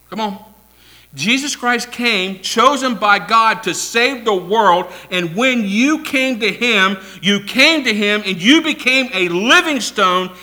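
A man preaching a sermon, swinging from loud declarations to soft asides and having the congregation repeat phrases back. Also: high voice. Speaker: pastor.

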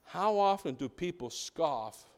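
High-voiced preacher in an echoey hall. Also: male voice, slow pace. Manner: animated, swings from loud to hushed. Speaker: pastor. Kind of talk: sermon.

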